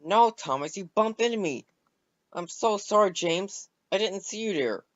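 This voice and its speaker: A man's voice: high voice, animated, normal speed, dry recording, dull audio, pitched above the performer's own voice. A man voicing a cheerful young male tank engine who talks eagerly and earnestly. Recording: music behind the voice.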